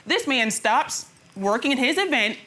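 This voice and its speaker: A woman with a bright, forceful and somewhat high voice, pleading her case before a television judge. She tells animated stories and mimics her partner along the way. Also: moderate pace. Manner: storytelling, imitates her partner. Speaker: litigant on a court show.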